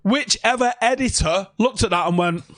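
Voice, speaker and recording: A young man rants through a casual livestream from his home. He swears freely and talks sarcastically. His voice sits a little higher than most men's. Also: moderate pace, fairly bright tone, no room sound, clean studio sound. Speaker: fan channel host.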